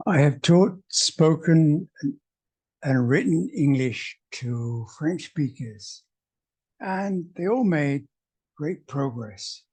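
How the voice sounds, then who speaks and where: A man teaching English to French speakers in a video lesson, speaking in a wry, deliberate way. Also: medium pitch, warm tone, breathy edge.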